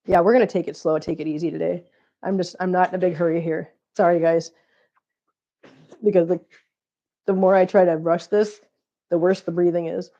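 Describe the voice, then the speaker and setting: A woman hosts a casual livestream while short of breath from chest congestion. She chats, teases viewers and reads out their comments, and her heavy breathing sits right on the close mic. Her voice is mellow and dark, and the livestream audio is dull and lo-fi. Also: lowish voice. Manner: chatty, teasing, laughs often, reads out viewer comments. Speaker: cat channel livestream host. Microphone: close mic, breathing audible.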